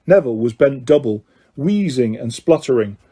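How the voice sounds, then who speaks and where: A man reading an audiobook with lively, dramatic storytelling. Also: mid-range voice, moderate pace, husky. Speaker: audiobook narrator. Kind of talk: scripted narration.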